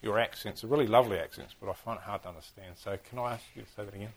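A man with a New Zealand accent teaching a class, lively and full of questions to his listeners. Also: fairly low pitch, racing. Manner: animated, keeps firing questions at the class. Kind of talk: interactive history class on church history.

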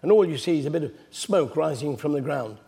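In a recording with a long hall reverb, a man preaches a sermon, retelling scripture stories the way a chatty storyteller would. His voice sits on the high side, fairly quick and creaky, and his conversational retelling is animated.

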